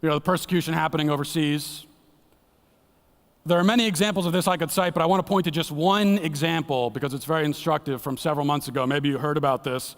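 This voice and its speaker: Male guest preacher, earnest and dramatic, voice on the higher side, slips into hushed lows, church hall echo. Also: fast. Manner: earnest, dramatic, drops to a hushed low voice for emphasis. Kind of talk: sermon. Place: church sanctuary. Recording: long church hall reverb.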